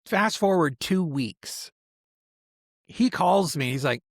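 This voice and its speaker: A man's voice: fairly high pitch, takes it slowly, long pauses, no echo, studio quality. A man hosting a podcast, telling a family story in casual chat and acting out the quotes as he goes. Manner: animated storyteller, acts out quotes. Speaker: podcast host.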